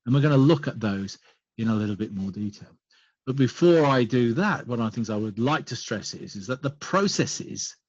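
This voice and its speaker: A man presenting a business webinar, explaining points in a measured way and listing them one by one. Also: mid-range voice, slightly rough, no echo. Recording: dull lo-fi online call audio.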